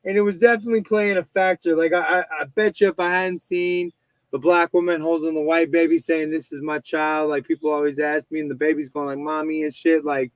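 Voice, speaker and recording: Rambling, cursing man with a higher voice. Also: little pitch movement, fast, dry recording, poor audio. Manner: rambling, swearing storyteller with many restarts. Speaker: podcast host. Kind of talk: casual chat.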